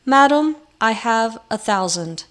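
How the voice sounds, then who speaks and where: A woman's voice: fairly high pitch, lively intonation, slow pace, fairly bright tone. A woman voicing a desperate young male knight who pleads in an overwrought way. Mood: pleading.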